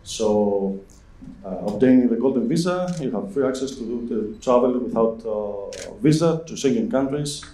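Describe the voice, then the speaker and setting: A man speaking on a conference panel in a hesitant, halting way, with many fillers. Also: mid-range voice, lively intonation, dark tone. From Greece. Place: large conference hall. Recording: echoey hall, far from the mic.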